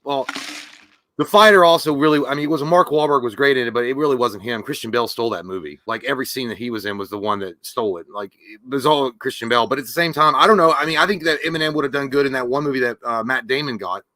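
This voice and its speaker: A man's voice: medium pitch, fast, pushed and bright, no room sound. A man co-hosting a movie news livestream, chatting casually with crude jokes and rambling fillers. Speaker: podcast co-host.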